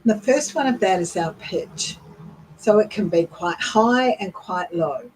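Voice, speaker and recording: A woman hosting a leadership show, explaining in a measured, instructive way with occasional fillers. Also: on the low side, animated, a little mellow, slight background noise, low-quality recording. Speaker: leadership coach and podcast host. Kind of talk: instructional talk.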